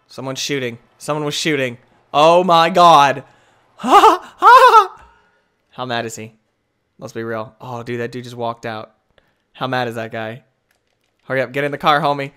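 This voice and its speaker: A young man hosting a gaming channel, giving excitable live commentary that swings from muttering to yelling, trash-talking other players. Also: medium pitch, measured pace, pauses often, smooth.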